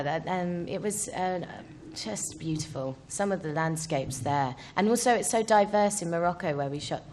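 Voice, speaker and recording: A woman's voice: on the low side, a little hiss or hum. A woman answering at a press conference in a bubbly, giggly way. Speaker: film actress on a press panel.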